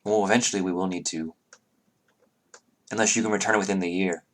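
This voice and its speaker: A man's voice: low-pitched, fairly even intonation, fast, fairly bright tone. A man voicing a composed, formal duchess who speaks politely and carefully in a tabletop game. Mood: explaining. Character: formal, measured duchess, middle-aged woman. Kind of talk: tabletop role-play voicing.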